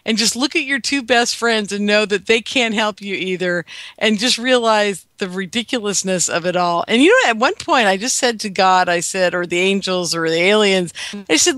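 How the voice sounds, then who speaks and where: Woman, radio host, gravelly, bright, chatty, dry studio sound. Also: medium pitch, animated, moderate pace, no echo. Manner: chatty, laughing, exclaiming. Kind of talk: casual radio interview chat.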